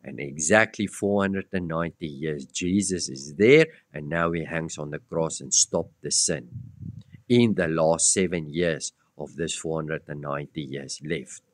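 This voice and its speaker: Male preacher, very low voice, slow deliberate delivery, blunt and emphatic, quizzes his hearers, dry close sound. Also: no room sound. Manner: blunt and emphatic, addresses listeners directly with rhetorical questions. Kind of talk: expository Bible-teaching sermon.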